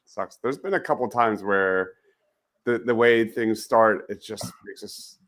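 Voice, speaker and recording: A man's voice: on the low side, a little slow, a bit bright. A man hosting a casual sports podcast, hesitant at first and then emphatic in his opinions. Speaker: podcast host.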